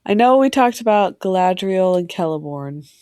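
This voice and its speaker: A woman's voice: on the low side, lively intonation, moderate pace, mellow, smooth, no echo, studio quality. A woman co-hosting a podcast, chatting in a playful, joking way. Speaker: podcast co-host. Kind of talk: casual chat.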